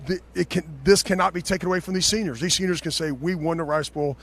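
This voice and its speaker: A man's voice: sits high, quick pace, a bit bright. A man, a head football coach, giving a heartfelt postgame interview on the field, stumbling over his words and restarting often. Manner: emotional, stammering with restarts. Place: outdoor football field after a game.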